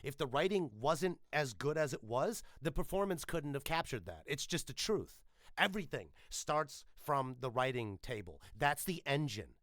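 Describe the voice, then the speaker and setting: A man's voice: on the high side, big pitch swings, moderate pace, a bit bright, no room sound, studio quality. A man, a voice actor, talking casually and emphatically in an interview, swearing freely. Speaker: voice actor guest.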